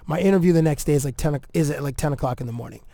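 A man's voice: on the high side, very fast, gravelly, no room sound, clean studio sound. A man from Canada telling an anecdote in casual chat, acting out quotes with lots of fillers. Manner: animated, acts out quotes, many fillers. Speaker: podcast guest, TV entertainment reporter.

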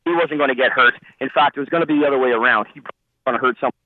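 A man's voice: mid-range voice, very fast, slight background noise. Man talking hockey over a tinny phone line. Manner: rambling, many restarts and fillers. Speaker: hockey historian guest. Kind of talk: phone-in radio interview.

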